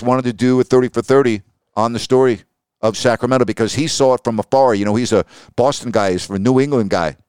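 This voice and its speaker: A middle-aged man hosts his podcast with a smooth, resonant voice, leaning hard on his points as he tells a story. He is recorded close to the mic in a dry, dead room. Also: mid-range voice, no room sound. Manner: emphatic, animated, acts out quoted voices. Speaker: podcast host and sports broadcaster. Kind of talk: storytelling monologue.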